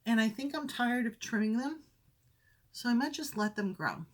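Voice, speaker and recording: A woman with a fairly high voice and lively intonation talks at a normal speed while displaying projects on her crafting podcast. Recording in her windowed craft room at home, she chats, rambles, corrects herself, and gets briefly winded.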